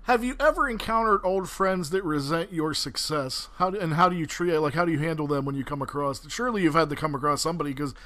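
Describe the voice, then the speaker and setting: A man hosting a casual radio interview talks in a slightly high, bright voice. He jokes crudely and pokes fun at himself between questions. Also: fast talker, few pauses. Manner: joking, crude, self-mocking. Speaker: radio show host.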